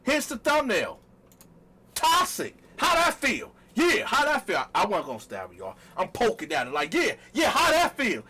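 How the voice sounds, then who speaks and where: High, bright male storyteller, casual and animated, addresses the viewers directly. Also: moderate pace, husky. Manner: animated, talks straight to viewers, acts out quotes loudly. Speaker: storytelling vlogger.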